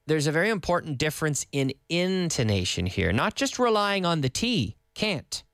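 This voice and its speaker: A man's voice: on the high side, no echo, studio quality. A middle-aged man teaching English to learners in Spain, telling stories and acting out dialogue to demonstrate intonation. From English-speaking country, living in Spain. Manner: lively storytelling, acts out dialogue, hums intonation patterns. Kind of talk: explaining English pronunciation.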